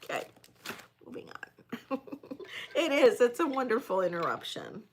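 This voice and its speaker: A woman's voice: on the high side, very animated, slight background noise. A woman hosting a live jewelry sale, describing pieces in detail and chatting effusively with viewers. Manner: describes items slowly in detail. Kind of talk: livestream sales chat.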